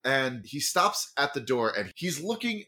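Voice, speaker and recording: A woman narrating scenes as game master in a tabletop game, in a lively, quick manner. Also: rumbling low.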